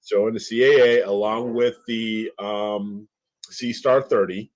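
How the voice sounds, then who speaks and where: A man with a low voice co-hosts a relaxed chat. He speaks slowly, pauses and gropes for words. He sounds easygoing rather than polished. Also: a crowd in the background. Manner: slow, halting, searching for words. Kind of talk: casual chat on a livestream.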